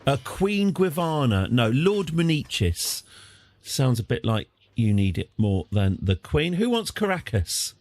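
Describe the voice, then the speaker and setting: A man's voice: medium pitch, sing-song, unhurried, a little mellow, no echo. Guy streaming a strategy game, voice jumps all over, jokey asides. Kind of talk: live game commentary.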